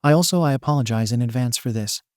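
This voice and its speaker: Man doing brash teen swordsman, cocky, teasing, mellow low-key voice, brief fan-story read. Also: fast, clear, resonant tone, no room sound, studio quality, natural voice.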